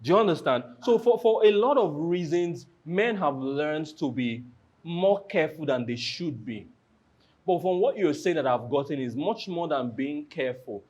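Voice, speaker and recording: A man hosting a panel discussion, animated and acting out quoted lines as he talks. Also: on the high side, moderate pace, lo-fi sound.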